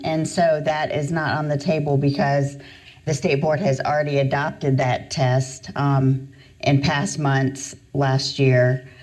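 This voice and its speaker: A woman's voice: low-pitched, darkish tone. A woman presenting policy amendments at a public meeting, speaking in a businesslike, direct way.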